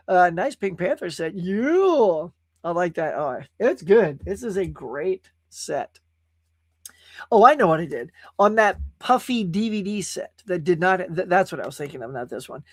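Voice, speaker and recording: A man hosts a casual livestream and reads out viewer comments as they come in. His talk is animated, with big swings in pitch and frequent laughs. The sound is dry and close to the mic. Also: no room sound. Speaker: host. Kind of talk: casual live-stream chat.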